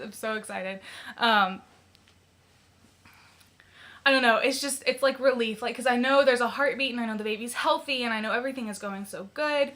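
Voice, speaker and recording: A woman's voice: a little high, unhurried, sharp tone. A young woman chatting casually in a vlog, giggling often and filling her talk with ums and likes. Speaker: vlogger.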